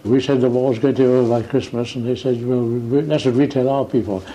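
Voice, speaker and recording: Older man, archive interview, mellow dark tone, faint hiss behind; wry recollection. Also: mid-range voice, fairly even intonation, brisk, highs cut off. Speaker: war veteran interviewee. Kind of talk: archive oral-history interview. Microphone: archival interview recording.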